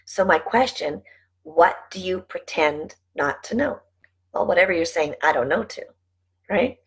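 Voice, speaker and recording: A woman's voice: fairly low pitch, lively intonation, measured pace, breathy edge, low-quality recording. A middle-aged woman talking casually to camera, chatty and rambling, laughing often as she goes off on asides. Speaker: vlogger and network marketing team leader.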